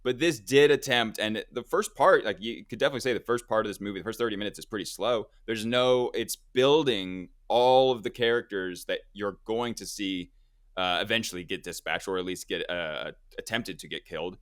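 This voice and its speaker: A man's voice: on the low side, fairly quick, no echo, clean studio sound. A man hosting a casual movie review chat, rambling and correcting himself with lots of fillers.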